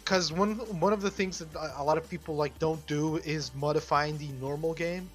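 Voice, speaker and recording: A man in casual chat about game modding, talking haltingly with many fillers and restarts. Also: on the high side, fairly even intonation, soft background music.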